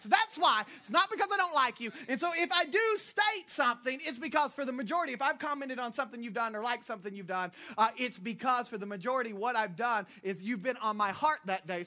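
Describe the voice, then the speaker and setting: A woman from Florida preaching a sermon, blunt and animated with scolding asides. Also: fairly high pitch. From Florida, United States. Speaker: pastor.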